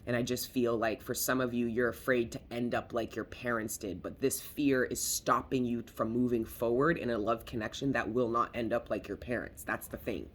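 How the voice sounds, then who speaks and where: A man's voice: mid-range voice, steady tone, moderate pace, hardly any pauses. A man giving a casual tarot reading, talking in a rambling, emphatic way, swearing freely and repeating himself. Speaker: tarot reader.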